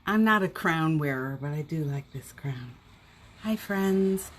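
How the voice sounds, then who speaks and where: A woman's voice: low-pitched, expressive, unhurried, slight background noise. A middle-aged woman hosting a casual morning live stream from home, cheerfully greeting viewers by name and chatting. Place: home indoors.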